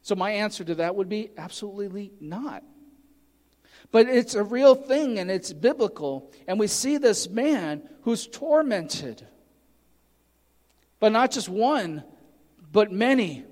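High-voiced man preaching in a reverberant hall. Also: expressive, slow, pauses often, darkish tone. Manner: earnest teaching, reads scripture aloud with emphasis. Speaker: pastor. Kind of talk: sermon.

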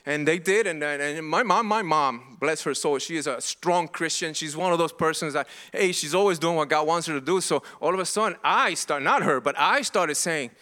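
A man's voice: fairly high pitch, moderate pace, hardly any pauses, bright, forceful tone. A middle-aged man preaching a sermon as pastor, earnest and impassioned, often restarting and repeating himself.

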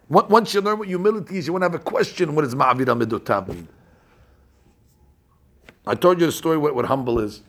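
A man's voice: fairly high pitch, brisk, creaky, pauses often. A man teaching a Torah class, telling stories and acting out little scenes many restarts. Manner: animated storyteller acting out scenes; frequent restarts and fillers.

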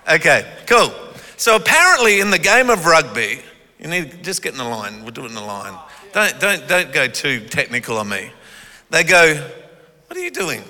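A pastor preaching a sermon, joking with volunteers and then building to forceful delivery. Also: male voice, on the high side, very animated, moderate pace. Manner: playful and teasing, then rising to forceful preaching. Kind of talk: sermon with audience participation. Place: church hall. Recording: echoey hall reverb.

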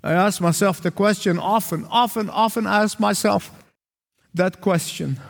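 A man from the Arab world preaches with a high voice and an emphatic, repetitive cadence. His words echo with a long reverb through the church hall. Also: measured pace, creaky. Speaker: pastor. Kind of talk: sermon.

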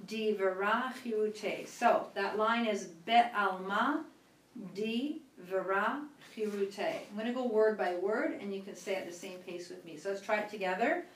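A woman's voice: medium pitch, normal speed, few pauses. Patient woman teaching reading in class. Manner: patient, encouraging, breaks words into syllables. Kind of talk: classroom instruction. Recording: roomy classroom audio from a distance.

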